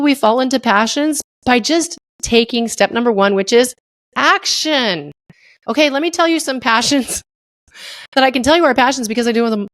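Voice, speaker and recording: Middle-aged woman podcast host, animated and jokey, on the high side. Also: no room sound, clean studio sound. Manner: animated, playful, acts out voices and jokes. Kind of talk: casual solo podcast monologue.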